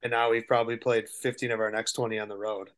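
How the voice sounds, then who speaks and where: A man co-hosting a podcast, talking casually and quietly about basketball, trailing off and swearing. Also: level tone, quick pace. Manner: low-key, mumbling, trailing off, swears. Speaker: podcast co-host. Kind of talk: casual sports chat.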